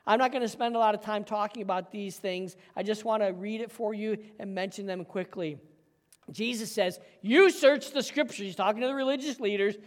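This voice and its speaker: A pastor delivering a sermon, emphatic and forceful, dropping to a quiet, intense hush for key points. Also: male voice, sits high, fairly quick, long reverb tail.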